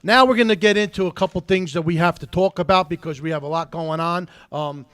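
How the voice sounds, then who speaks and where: A man's voice: on the high side, brisk, a bit bright, no echo. A man hosting a casual talk show, rambling with many fillers and restarts. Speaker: host.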